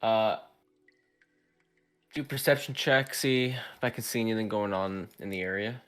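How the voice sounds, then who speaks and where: A man playing a tabletop game, stating his actions in a low-key, brief way. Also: a little slow, a bit bright, soft background music. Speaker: player. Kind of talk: casual tabletop play.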